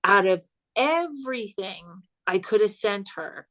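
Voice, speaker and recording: A woman guesting on a podcast as a psychic comedian, telling a spooky story in an animated, chatty way and laughing as she goes. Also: medium pitch, measured pace. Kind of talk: casual storytelling chat.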